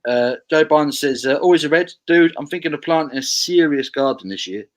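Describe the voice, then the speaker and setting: A man's voice: on the high side, fairly quick, poor audio. A man from England hosting a casual live stream, reading viewer comments aloud with frequent stammered restarts.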